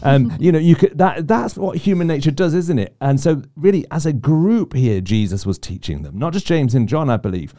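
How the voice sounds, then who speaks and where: A man's voice: on the high side, lively intonation, moderate pace, hardly any pauses, mellow. A man co-hosting a casual faith discussion, reflective and often restarting his sentences. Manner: reflective, self-interrupting. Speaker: podcast co-host.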